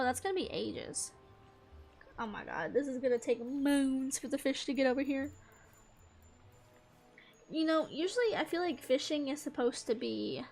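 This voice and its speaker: Young woman streamer, high voice, playful banter over soft game music. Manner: playful, mock-exasperated, talks to the fish. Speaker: gaming streamer. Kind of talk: casual gameplay commentary.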